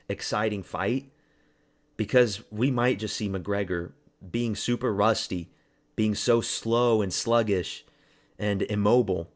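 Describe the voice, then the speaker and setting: A man hosting a casual fight watch-party stream, rambling, swearing and answering chat. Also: fairly low pitch. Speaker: livestream host.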